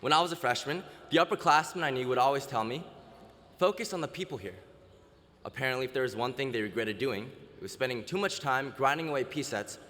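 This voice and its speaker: A man's voice: medium pitch, pushed and bright, slight background noise. A young man giving a self-deprecating, wry comic speech as a student orator at an outdoor ceremony. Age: young adult. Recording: outdoor PA with long reverb.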